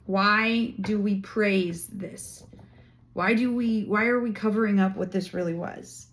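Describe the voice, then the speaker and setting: A woman's voice: mid-range voice, a little slow. Impassioned woman ranting to camera. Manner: impassioned, indignant, emphatic. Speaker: vlogger. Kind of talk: casual opinion monologue.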